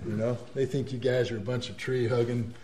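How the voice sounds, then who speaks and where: A man giving an animated talk to an audience, emphatic and quick to mimic the people he describes. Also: medium pitch, a little hiss or hum. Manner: animated, emphatic, repeats words, mimics others' voices. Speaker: speaker. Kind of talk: speech to an audience. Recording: roomy echo.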